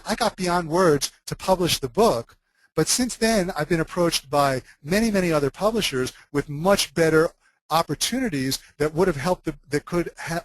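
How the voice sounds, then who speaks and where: A man's voice: fairly high pitch, dry recording, low-quality recording. Earnest man teaching, dry close sound. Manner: earnest, frequent restarts and self-corrections. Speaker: wellness course teacher. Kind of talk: unscripted spoken lesson.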